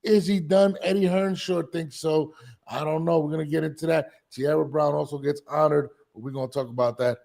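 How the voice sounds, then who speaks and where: A man's voice: fairly high pitch, steady tone, a little fast, gravelly, a little mellow. A man co-hosting a casual boxing podcast, talking loosely with frequent restarts. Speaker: podcast co-host.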